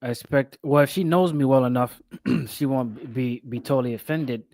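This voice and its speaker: A man's voice: medium pitch, moderate pace, a little mellow, no room sound. A man co-hosting a casual podcast, talking earnestly and often stammering and repeating words. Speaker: co-host.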